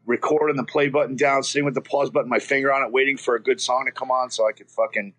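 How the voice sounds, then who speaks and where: A man's voice: medium pitch, steady tone, quick pace, a bit bright. A man from Florida telling a childhood story as a guest, rambling and swearing, with many restarts. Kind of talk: casual storytelling.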